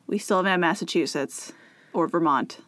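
A woman's voice: lowish voice, a bit bright, dry recording. A woman chatting casually with a friend, giggling often and throwing in sarcastic asides. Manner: giggly, sarcastic, quick to laugh. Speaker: co-host guessing state mottos. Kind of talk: casual chat.

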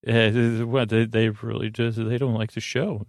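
A man hosting a sleep podcast, reading listener reviews aloud in a halting way, with many ums and restarts. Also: lowish voice, level tone, creaky, no echo, studio quality. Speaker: podcast host.

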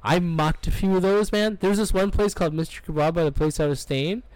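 A man's voice: high-pitched, a little fast, darkish tone, dry recording. Man from canada, casual podcast co-host, rambling profane storyteller. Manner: rambling, profane, acts out quoted voices.

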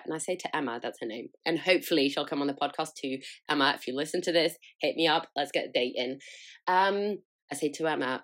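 A woman's voice: low voice, fairly bright tone. A young woman hosting her own podcast, chatting casually about her week, often breaking into giggles and poking fun at herself. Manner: giggly, chatty, self-mocking. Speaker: podcast host. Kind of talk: casual solo chat.

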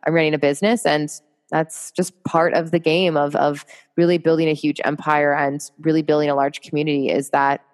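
Woman, podcast guest, lowish voice, upbeat, motivational, laughs often. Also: level tone, fairly quick. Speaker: podcast guest, marketing entrepreneur. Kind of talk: casual interview chat.

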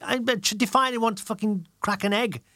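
British guy with a gravelly voice, quiet storytelling chat, dry close sound. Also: brisk, no echo. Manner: reflective storyteller, often drops to a soft low voice. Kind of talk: casual chat.

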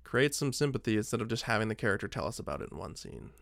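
A man's voice: fairly low pitch, very animated, racing, creaky, a bit bright, dry recording, studio quality. A man co-hosting a podcast, chatting casually about movies and rambling with lots of filler words. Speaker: podcast co-host.

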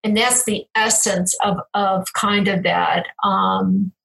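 A woman's voice: medium pitch, fairly even intonation, takes it slowly, creaky, fairly bright tone, rough recording. A woman who worked as a hospital chaplain, telling a story in casual conversation in an earnest, spiritual and meandering way, often restarting her sentences. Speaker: former hospital chaplain, guest.

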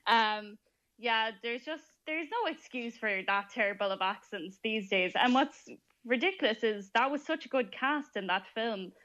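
An Irish woman co-hosting a radio show, giving strong opinions in an animated way. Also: on the high side, moderate pace, lo-fi sound. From Ireland. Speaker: radio co-host. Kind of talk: casual radio chat.

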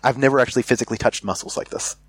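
A man's voice: mid-range voice, fairly even intonation, very fast, slightly rough. An American man telling a candid story in casual chat, rambling with many fillers and restarts. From United States.

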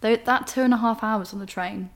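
A woman's voice: fairly high pitch, brisk. A young woman, a podcast host candidly telling a personal story in an emotional, rambling way. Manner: emotional, rambling, frank with swearing.

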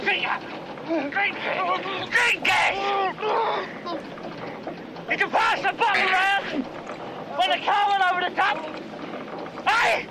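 An actor playing a vengeful gangster forcing a man to drink, menacing and building to shouts, heard in a film clip. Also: very high voice, takes it slowly, pauses often, some chatter behind, heavily acted. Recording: noisy film soundtrack clip.

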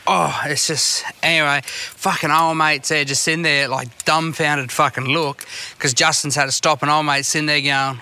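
A man's voice: fairly high pitch, little pitch movement, moderate pace, few pauses, bright, forceful tone. A man telling sweary, rambling stories in casual chat. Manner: sweary storytelling.

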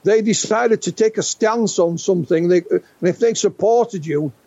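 A man's voice: sits high, normal speed, a little mellow, no echo. An Englishman in his sixties, a UFO researcher interviewed as a guest, telling stories animatedly with frequent restarts. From England. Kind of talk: conversational storytelling interview. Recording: dull lo-fi dry sound.

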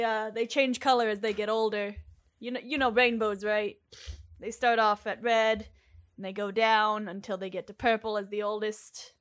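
Woman game master, chatty, a touch high. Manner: chatty, loose, searching for words with fillers. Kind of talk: narrating a tabletop game.

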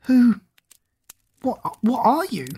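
A woman's voice: fairly high pitch, sing-song, slow pace, dark tone, husky, voice pushed up, heavily acted. A woman voicing a spirited teenage schoolgirl who talks in a blunt, questioning way. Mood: startled.

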